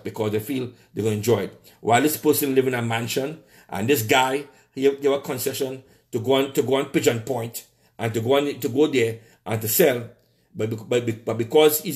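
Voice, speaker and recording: A man's voice: mid-range voice, fairly quick. A man, ranting angrily on video as a political commentator, profane and repeating himself. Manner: angry, profane, repetitive. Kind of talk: angry video rant. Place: Tobago.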